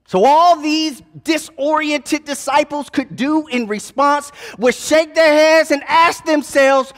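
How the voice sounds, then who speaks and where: A male preacher with a high voice tells a scripture story slowly and dramatically, in casual, folksy phrasing. His delivery drops to a hush and then builds to loud peaks. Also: steady tone. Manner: dramatic storytelling retelling a gospel scene, swinging from hushed to loud. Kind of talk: sermon.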